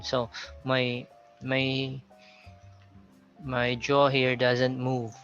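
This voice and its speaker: Slow, flat-voiced Filipino pronunciation teacher. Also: male voice, mid-range voice, lo-fi sound, soft background music. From Philippines. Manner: slow, explanatory, repeating words as examples.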